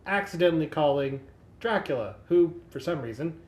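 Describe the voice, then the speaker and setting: A podcast co-host in casual chat, calmly explaining plots in detail. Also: medium pitch, normal speed, roomy sound.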